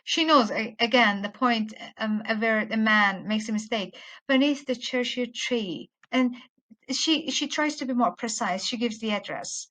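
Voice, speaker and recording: Woman lecturing on poetry, higher pitch. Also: fairly bright tone. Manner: patient, repeats words while explaining; slows down to stress quoted lines. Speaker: literature teacher. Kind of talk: explanatory lecture with poem reading.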